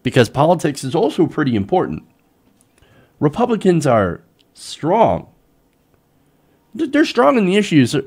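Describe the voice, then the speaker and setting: Animated man ranting on politics. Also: fairly high pitch, unhurried, pauses often, husky. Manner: animated, exasperated ranting with mocking quoted voices. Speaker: host. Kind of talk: political commentary show.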